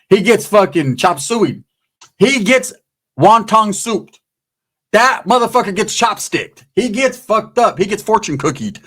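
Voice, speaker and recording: A man's voice: high-pitched, lively intonation, measured pace, a bit bright, slightly rough. A man telling a prison story in a casual, streetwise, profane way, often slipping into the voices of the people in it.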